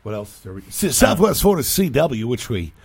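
A talk radio host with a gravelly, husky voice that swings widely in pitch as he rambles through casual banter. He cracks self-deprecating asides, and the sound is dry and close. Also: sing-song, brisk, a little mellow, dry recording.

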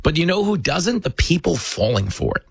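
A man's voice: on the high side, sing-song, creaky, husky, no room sound. Sarcastic impassioned male commentary host. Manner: fast, sarcastic, impassioned, storytelling. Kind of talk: monologue commentary.

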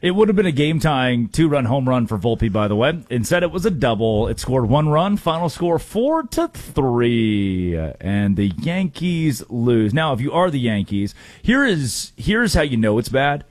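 Male sports host, brisk and wry, mid-pitched, dry mic. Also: very animated, no echo. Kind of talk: sports talk hosting.

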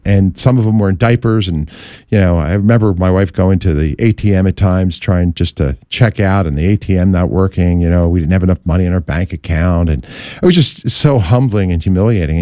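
Lively storytelling man, low dry voice. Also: dry recording. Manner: animated anecdotal storyteller, acts out quotes. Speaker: Catholic radio host. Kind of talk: casual storytelling interview.

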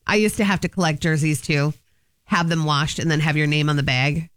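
A radio co-host adding quick playful reactions in casual banter. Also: medium pitch, steady tone, fairly bright tone, no room sound.

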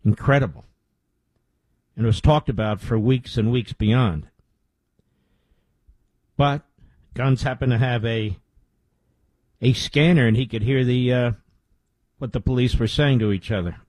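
A man's voice: mid-range voice, measured pace, long pauses, darkish tone, no echo, poor audio. Self-assured male radio host, dry sound. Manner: emphatic, self-assured, recounting. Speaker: radio talk show host. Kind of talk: on-air monologue.

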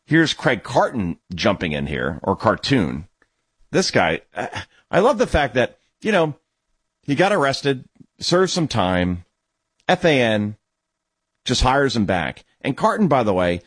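Sarcastic and indignant, this sports talk host, a father who coaches youth baseball, tells animated stories and airs his opinions. He has a slightly rough, mid-range voice, and there's no room sound.

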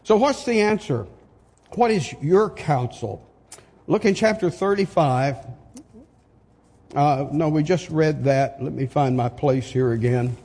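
A husky, higher-pitched older man preaches at a deliberate, unhurried pace, pressing his points with rhetorical questions. His voice rings with the long reverb of a large hall. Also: darkish tone. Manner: slow, emphatic, asks rhetorical questions. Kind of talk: sermon.

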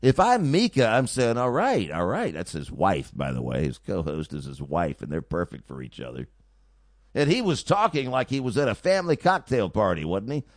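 A man's voice: lowish voice, moderate pace, no echo. A male radio talk show host delivering an opinionated, sarcastic monologue on a studio mic. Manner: sarcastic, mocking, animated.

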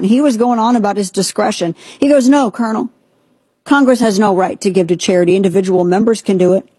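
Lady casually retelling an old story, mellow and a bit husky, dry sound. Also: mid-range voice, fairly quick, dry recording. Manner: casual storytelling with quoted dialogue. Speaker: speaker recounting history.

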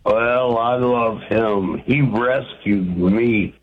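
A man calling in to a radio show, telling his story in a slow, plainspoken way over a phone line. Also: medium pitch, a little hiss or hum. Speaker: radio caller.

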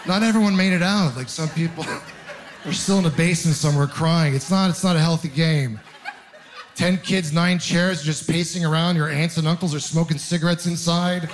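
A man's voice: fairly high pitch, a little hiss or hum. A young man doing a stand-up comedy set, telling wry rambling stories and mocking himself. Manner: wry, rambling storytelling with self-mocking asides. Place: live comedy venue with audience laughter.

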